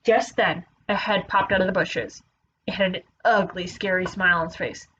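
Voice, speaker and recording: A woman teacher reading a children's picture book aloud, playful and expressive. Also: fairly low pitch, normal speed, dull audio, slight background noise.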